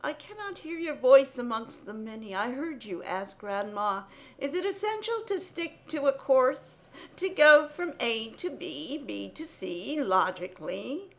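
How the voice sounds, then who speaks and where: A woman giving a dramatic poetry reading, incantatory, with sudden loud outbursts. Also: high-pitched, big pitch swings, unhurried.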